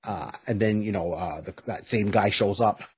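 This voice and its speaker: Casting note: male podcast host, low husky voice, dry close sound, chatty stammering storyteller. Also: moderate pace, no room sound. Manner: stammering restarts, frequent "you know"; lively storytelling retelling. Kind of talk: casual podcast chat, recapping a comic.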